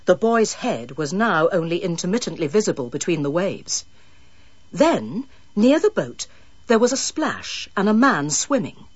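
A woman reading an audiobook in measured, dramatic storytelling. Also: on the low side, big pitch swings, husky, dry recording, dull audio. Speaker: audiobook narrator. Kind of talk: scripted narration.

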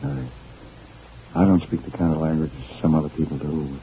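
A man's voice: rumbling low, steady tone, moderate pace, slight background noise. An actor playing a slangy, tough-talking man just out of jail who is tender with his sweetheart, in 1930s radio drama acting. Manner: slangy, plain tough-guy talk. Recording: dull lo-fi old radio recording.

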